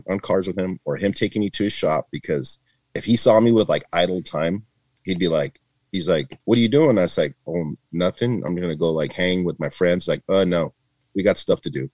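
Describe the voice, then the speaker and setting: Man, 50s, from Northern California, retired agent and podcast guest; deep voice, dry booth sound, rambling and animated. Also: no room sound. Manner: chatty, heavy with "like" and "man", acts out quoted voices. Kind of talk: casual interview storytelling.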